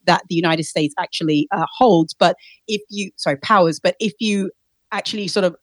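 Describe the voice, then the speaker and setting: A woman's voice: lowish voice, fairly quick, no echo. A woman co-hosting a casual panel discussion, thoughtful, with frequent restarts and fillers.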